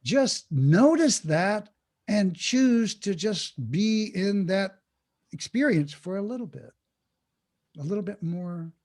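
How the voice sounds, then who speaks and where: A man, a podcast guest, explaining mindfulness in an animated way and acting out inner thoughts. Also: sits high, slow. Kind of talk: podcast interview talk.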